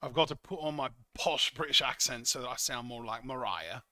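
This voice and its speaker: A man's voice: medium pitch, a little fast, crowd noise. A man co-hosting a live wrestling watch-along, chatting casually and bluntly and swearing freely, on a home streaming mic. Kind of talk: live reaction chat.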